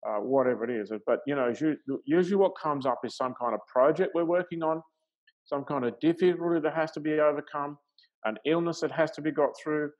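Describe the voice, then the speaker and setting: A man's voice: fairly high pitch, brisk, dull audio. A middle-aged man hosting a talk show as a life coach, thinking aloud in a conversational way and chuckling easily.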